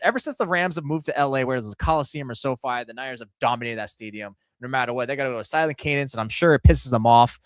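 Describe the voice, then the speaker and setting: Man, sports podcast co-host, rapid-fire, animated, laughing, dry sound. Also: mid-range voice, no echo. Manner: fast, animated, laughing, acts out quotes. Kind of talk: casual sports talk.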